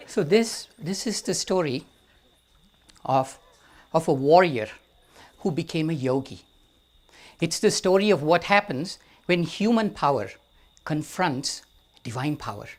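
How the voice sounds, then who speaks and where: Indian-accented male storyteller, slow and wry. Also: a little high, lively intonation. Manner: slow and deliberate, with wry humor. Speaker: guest storyteller. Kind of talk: live storytelling to an audience. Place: amphitheater.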